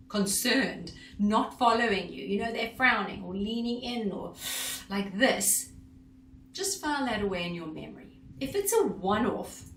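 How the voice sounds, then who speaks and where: A woman's voice: mid-range voice, a little hiss or hum. Emphatic woman speech coach, roomy sound. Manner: emphatic, rhetorical questions. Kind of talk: instructional talk to camera. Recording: roomy echo.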